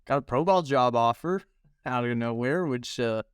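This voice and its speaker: A man's voice: mid-range voice, normal speed, clear, resonant tone, no room sound, studio quality. A man who coaches baseball, chatting casually on a podcast with lots of hesitant fillers. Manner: hesitant, filler-heavy talk. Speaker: podcast host, hitting coach. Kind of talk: casual chat.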